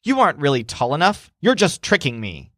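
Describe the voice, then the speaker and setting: A man's voice: a little high, huge pitch swings, dry recording, clean studio sound, heavily acted. A man voicing a furious proud storekeeper woman. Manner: yelling, quick and accusing.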